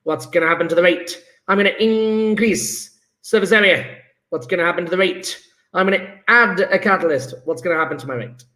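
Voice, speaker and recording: A man teaching a chemistry lesson live online, enthusiastic and coaxing, praising students by name with quick asides. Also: sits high, bright, forceful tone. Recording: roomy echo.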